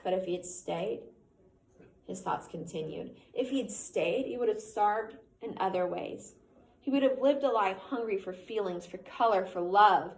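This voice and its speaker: A woman's voice: mid-range voice, moderate pace, gravelly. Woman reading a novel aloud in an echoey room. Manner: reads steadily, stops to quiz the listener. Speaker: teacher reading aloud to a student. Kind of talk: classroom read-aloud of a novel. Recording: echoey room, faint ambience.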